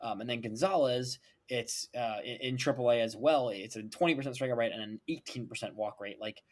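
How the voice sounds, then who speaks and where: Young male co-host, casual chat, emphatic, quick asides, mid-pitched everyday voice. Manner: animated, emphatic, lots of "like" and "right?". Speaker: podcast co-host.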